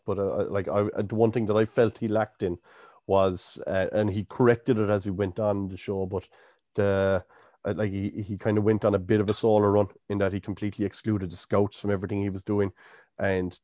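A man's voice: fairly low pitch, warm tone, no echo, clean studio sound. A man hosting a podcast, chatting casually about a film with lots of fillers and restarts. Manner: rambling, full of fillers and restarts. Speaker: podcast host. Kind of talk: casual film-review chat.

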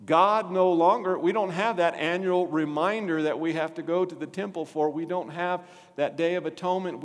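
A male pastor preaching a sermon, animated and asking the congregation questions. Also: a little high. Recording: long hall reverb.

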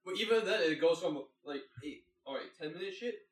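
A man's voice: a little high, lively intonation, distant mic, a little hiss or hum. A man co-hosting a podcast, telling crude stories in casual chat. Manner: crude, fast storytelling. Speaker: podcast co-host. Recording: echoey, off-mic.

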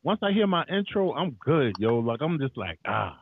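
A man's voice: medium pitch, big pitch swings, moderate pace, slight background noise. A man hosting a podcast, chatting casually in a loose, joking way and swearing freely. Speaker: podcast host. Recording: dry, dull lo-fi sound.

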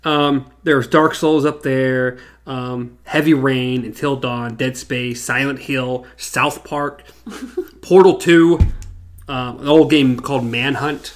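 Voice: medium pitch, steady tone, slow pace. A co-host in casual chat, wry and teasing, laughing often while recapping a show. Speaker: podcast co-host.

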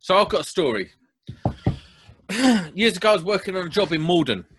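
A young man, hosting a casual podcast and telling a wound-up story in a blunt, animated way. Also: high-pitched, brisk, background noise. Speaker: podcast host.

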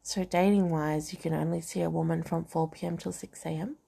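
A woman with a deep, husky, gravelly yet mellow voice reads a novel aloud casually, her tone steady and her pace a little fast. She moves through dialogue and narration but keeps breaking off to comment on the text and laugh.

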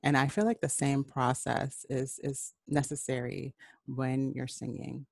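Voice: mid-range voice, flat delivery, measured pace, vocal fry, darkish tone, dry recording. An adult voice teacher giving a casual, encouraging spoken lesson, rambling a little, with many fillers and restarts. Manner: encouraging, addresses the listener directly. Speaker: voice and singing teacher.

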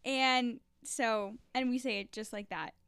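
A young woman co-hosting a podcast, chatting warmly and gratefully with a guest. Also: mid-range voice, moderate pace, gravelly, clean tone, dry recording. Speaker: podcast co-host. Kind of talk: casual podcast chat.

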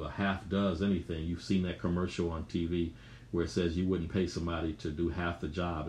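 A very deep-voiced man preaching a sermon in an echoing room. He repeats phrases emphatically and climbs higher when stressing a point. Faint ambient noise hangs behind him.

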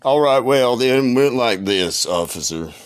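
Slow drawling man, meandering comic tale. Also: mid-range voice, expressive, no room sound, studio quality. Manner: drawling, meandering, trails off with fillers. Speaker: voice message caller. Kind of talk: improvised comic storytelling.

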